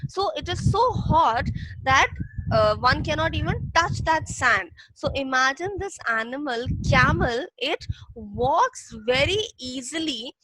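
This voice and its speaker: A woman's voice: high voice, animated, unhurried, pushed and bright, dry recording, low-quality recording. A woman teacher explaining a lesson patiently, repeating key points for young students. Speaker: English teacher. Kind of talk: classroom reading lesson.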